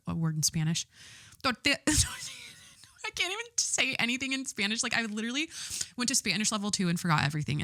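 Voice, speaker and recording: A woman's voice: fairly low pitch, a bit bright, dry recording, studio quality. A young woman hosting her own podcast, rambling and giggling through a casual monologue and swearing freely. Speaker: podcast host.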